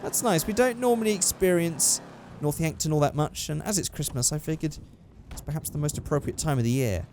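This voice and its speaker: A young man talks through a video game in a chatty, upbeat way, reacting as he goes. His voice sits fairly high for a man. He sounds casual and unscripted. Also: brisk, darkish tone, a little hiss or hum. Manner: chatty and upbeat, thinking aloud. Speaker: gaming YouTuber. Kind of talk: casual gameplay commentary.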